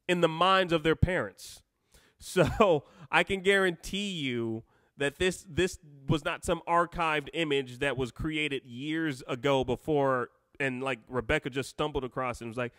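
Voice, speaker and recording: A man's voice: on the high side, moderate pace, fairly bright tone, dry recording, clean studio sound. A man hosting a live stream, reading out comments and taking calls, rambling and cutting himself off with joking asides.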